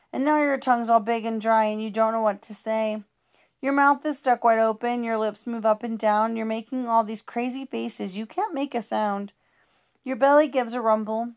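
A woman's voice: a little high, steady tone, normal speed, smooth, muffled recording. A woman reading humorous rhyming children's poems aloud in a playful, sing-song rhythm.

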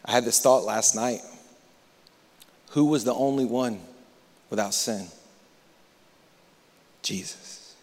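A man preaches to his congregation with a dramatic sweep, dropping to hushed near-whispers and then rising to loud, impassioned appeals. His voice sits in a middle register. It rings out with the long reverb of a large church hall. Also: medium pitch, takes it slowly, pauses often. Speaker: pastor. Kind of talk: sermon.

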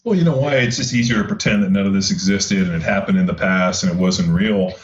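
A man's voice: low voice, fast talker. A man hosting a podcast, speaking earnestly in casual conversation. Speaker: podcast host. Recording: roomy, dull sound with faint noise.

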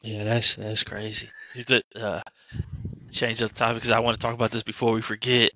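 A man's voice: on the low side, level tone, fairly quick, pushed and bright, no echo, muffled recording. A young man telling a casual, swear-laced story about his family on a podcast. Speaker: podcast co-host. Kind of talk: casual chat.

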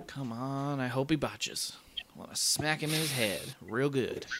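A man playing at a tabletop game table talks casually and swears freely. His voice sits at a middle pitch. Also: a little slow, background noise. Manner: casual, profane. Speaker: player.

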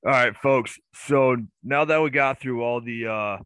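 A man's voice: mid-range voice, measured pace, a bit bright, smooth, no room sound. A man from the northern United States hosting a casual podcast, chatty and jokey with lots of fillers. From northern US near Canadian border. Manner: rambling, filler-heavy, jokey. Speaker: podcast host.

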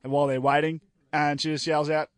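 A man's voice: fairly high pitch, level tone, a little fast, dry recording. A young Australian man co-hosting a community radio show, telling rambling stories with lots of ums and giggles. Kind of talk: casual banter.

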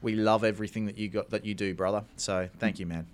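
A man's voice: on the low side, steady tone, quick pace. A man with an Australian accent co-hosting a podcast in casual, enthusiastic chat. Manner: enthusiastic, laughs often. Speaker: podcast co-host.

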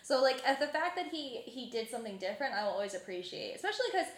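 A woman's voice: on the high side, big pitch swings, fast, reverberant. A young woman co-hosting a podcast, chatting casually about films and filling her talk with "like". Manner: chatty, many fillers like "like". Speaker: podcast co-host.

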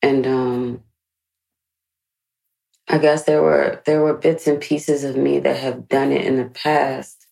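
Deep gravelly woman, candid and frank. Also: flat delivery, slow pace, pauses often, dark tone, rough recording. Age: 30s. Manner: emotional, frank, swears freely. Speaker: podcast host. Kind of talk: candid personal reflection.

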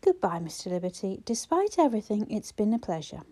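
A quick-witted, sharp-tongued young woman from a novel, full of teasing banter, voiced by the woman narrating. Her tone is mellow and dark rather than bright. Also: mid-range voice, big pitch swings. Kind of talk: audiobook character voice.

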